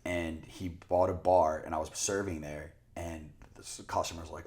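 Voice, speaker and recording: A man's voice: low voice, fairly even intonation, normal speed, hardly any pauses, darkish tone. Rambling, swearing young man. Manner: rambling storyteller, swears a lot, acts out quotes. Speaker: podcast co-host. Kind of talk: casual podcast chat.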